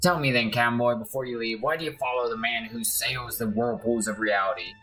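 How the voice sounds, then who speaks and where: A man's voice: mid-range voice, steady tone, a little fast, pushed and bright, soft background music, rough recording. A man voicing a bitter, drunken old male sailor who growls and snarls. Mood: mocking.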